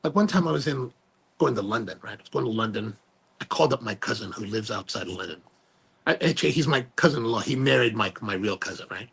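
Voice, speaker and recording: A male podcast host telling a story in a casual, animated way, full of slang and restarts. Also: lowish voice, quick pace, creaky, breathy edge.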